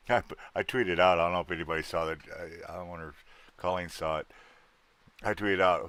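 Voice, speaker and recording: A man's voice: low-pitched, steady tone, brisk, fairly bright tone, clear, resonant tone, no room sound. A man from Wisconsin chatting casually with his livestream viewers in a rambling, folksy way, with a salty word here and there.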